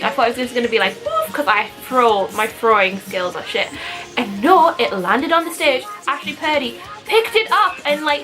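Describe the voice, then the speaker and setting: A young woman chatters through a casual storytime vlog, giggly and rambling, her voice bright and sharp and pitched a little high. Faint music plays behind her. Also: rough recording. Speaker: vlogger.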